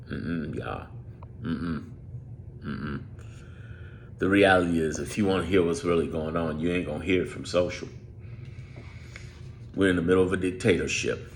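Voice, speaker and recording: A man's voice: low-pitched, slight background noise. A man giving off-script political commentary straight to his viewers, emphatic and repetitive, drawing out his words. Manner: emphatic, drawls, repeats phrases. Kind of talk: off-script direct-to-camera commentary.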